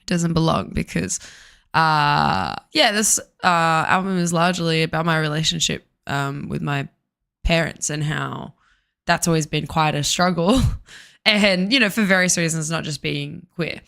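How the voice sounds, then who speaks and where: A woman musician chatting casually on a livestream, her voice hoarse from talking too much, rambling with fillers. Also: sits low, unhurried, fairly bright tone. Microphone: desk microphone, turned down for clipping.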